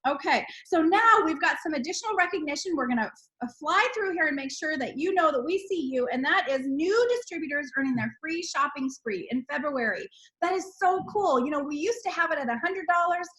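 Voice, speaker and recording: Bubbly high-voiced woman hosting a call. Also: lively intonation, brisk, a bit bright, rough recording. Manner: bubbly, exclaims and laughs while reading names. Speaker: host of a team sales call. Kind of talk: upbeat recognition call.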